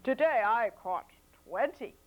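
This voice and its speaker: A man's voice: extremely high pitch, lively intonation, unhurried, dull audio. A storyteller voicing a sly, boastful fisherman in a folk tale, drawling as he fibs about his catch. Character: sly boastful fisherman brother, adult man.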